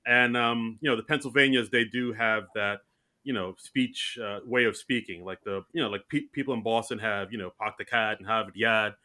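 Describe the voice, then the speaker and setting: A man co-hosting a podcast in casual chat, animated and self-mocking, talking in quick bursts with many restarts. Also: medium pitch. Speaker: podcast co-host.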